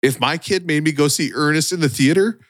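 A man's voice: on the high side, a little fast. A man co-hosting a casual podcast chat, spinning rambling jokey riffs. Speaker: podcast co-host.

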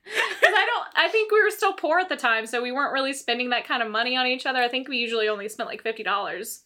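Fast and fairly high-voiced, this young female co-host tells stories in a relaxed conversation, laughing a lot and performing impressions of her past self with animated energy.

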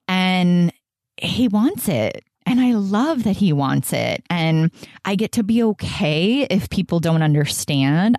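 A young woman talks through a personal story on her podcast, casual and chatty, dropping "like" all the time and briefly acting out the voices of people she quotes. Her voice sits a little low for a woman, and the sound is close and dry. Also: no echo. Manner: chatty, says "like" often, quotes others in animated asides. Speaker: podcast host.

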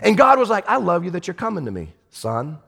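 Male pastor, high voice, very lively, long reverb, shouts then hushes. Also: brisk, gravelly. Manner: animated, shifts from shouting to hushed. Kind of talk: sermon.

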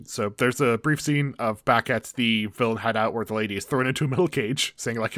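A man's voice: mid-range voice, fairly quick, hardly any pauses, fairly bright tone, no room sound, studio quality. A man co-hosting a casual recap chat, walking through the plot in a wry, laid-back way. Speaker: podcast co-host.

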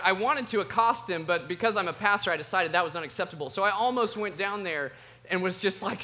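A man preaching a sermon as pastor, telling a personal story in an animated, self-mocking way. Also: sits high, fast.

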